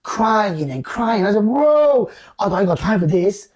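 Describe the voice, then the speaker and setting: A man telling a story in casual talk, animated and slangy, acting out the voices of the people in it. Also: high-pitched, a little slow. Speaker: guest storyteller.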